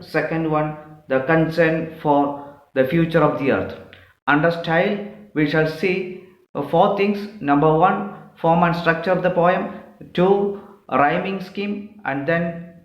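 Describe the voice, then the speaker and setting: Slow, methodical male teacher. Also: fairly high pitch, roomy sound, muffled recording. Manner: slow and methodical, numbering his points. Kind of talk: explaining a poem to a class.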